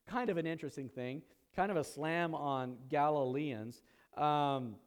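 A man with a fairly high voice preaches to his congregation in a church. He teaches in a relaxed, conversational way with asides, and his voice climbs higher and louder when he gets excited. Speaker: pastor. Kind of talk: sermon. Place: church sanctuary.

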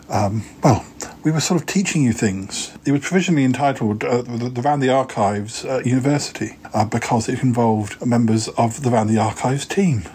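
A man's voice: medium pitch, darkish tone, a little hiss or hum. A man hosting a podcast, chatting casually and hesitantly with many fillers. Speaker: podcast host. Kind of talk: casual chat.

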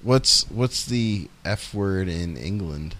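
A man co-hosting a podcast, excitable and swearing freely as he tells stories in casual banter. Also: low-pitched, slow. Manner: excitable, swearing, animated storytelling. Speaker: podcast co-host.

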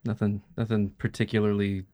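A man playing a tabletop game, describing his character in a halting, hesitant way. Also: fairly low pitch, little pitch movement, warm tone. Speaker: player. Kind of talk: casual tabletop chat.

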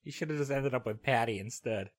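A man's voice: mid-range voice, a little fast, no echo. A man co-hosting a podcast, dropping dry quips in casual chat. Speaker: podcast co-host.

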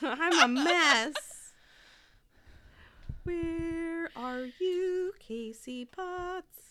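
A woman's voice: very high-pitched, extremely slow, bright, forceful tone, a little hiss or hum. A woman from the United States co-hosting a podcast in casual, self-deprecating chat. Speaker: podcast co-host.

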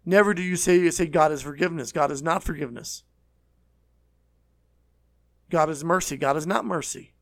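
A man preaching a sermon, earnest and repetitive, slowing down to stress key words. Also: fairly high pitch, dry recording, clean studio sound. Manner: earnest, repeats phrases, slows for emphasis.

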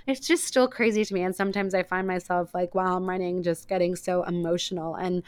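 Smooth-voiced young woman, chatty podcast host. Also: fairly low pitch, fairly even intonation, fairly quick, dry recording. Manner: rambling, many "like" fillers, emotional. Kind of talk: casual chat.

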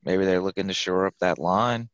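A man's voice: sits low, fairly even intonation, normal speed, clear, resonant tone, no room sound, muffled recording. A man making brief, casual remarks on a sports podcast.

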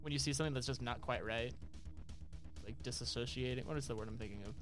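A young man hosting a casual podcast game, animated and quick to laugh. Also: mid-range voice, soft background music. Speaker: host.

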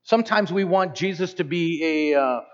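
A pastor in his fifties preaching a sermon in an animated, conversational way with joking asides. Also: a little high, normal speed. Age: 50s. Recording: slightly dull lo-fi sound.

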